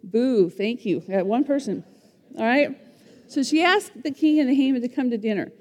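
A woman retelling a Bible story as a lively lesson, in an animated way, often putting questions to her listeners. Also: sits high, moderate pace. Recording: long hall reverb.

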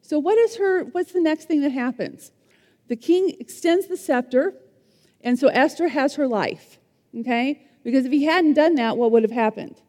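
Woman teacher, lively bible-story lesson, high voice, mellow tone, quizzes listeners, long hall reverb. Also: normal speed. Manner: animated, asks the listeners questions.

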